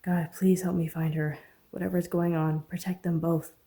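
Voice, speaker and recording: A man's voice: a little high, flat delivery, normal speed, vocal fry, warm tone. A woman reading a young man in an audiobook, urgent and pleading, full of guilt and worry for someone he let down. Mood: praying. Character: panicked young man, guilt-ridden and protective.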